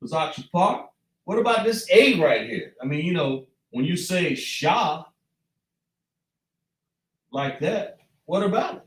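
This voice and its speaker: Slow man teaching in an echoey room. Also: a little high, expressive, recorded from a distance. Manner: slow, patient, repeats sounds, thinks aloud. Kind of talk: slow classroom lesson at a chart.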